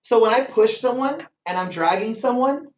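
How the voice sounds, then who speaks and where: A man's voice: extremely high pitch, lively intonation, normal speed. A man leads a motivational business training session in front of a live group. He talks with energy, keeps asking the room questions, and repeats points for emphasis. The sound echoes around the room, and the mic sits some distance from him. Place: meeting room with a live audience.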